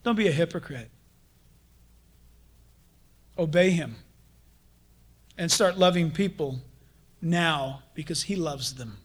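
A man preaching a sermon as pastor, animated, acting out the voices of the people he quotes. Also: on the high side, slow pace, long pauses.

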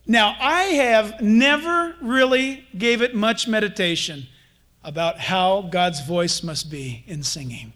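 A man preaching a sermon as pastor, animated and conversational, acting out playful little dialogues with his congregation. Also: high voice, takes it slowly.

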